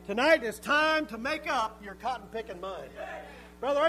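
A middle-aged male pastor preaching a sermon in a church, swinging from quiet to shouted emphasis. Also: very high-pitched, expressive, normal speed, slight background noise, low-quality recording. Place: church sanctuary.

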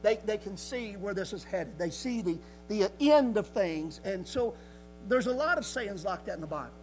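A man preaching a sermon in a folksy, emphatic way, swinging from loud declarations to quiet asides. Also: high-pitched, animated, normal speed, slight background noise, poor audio.

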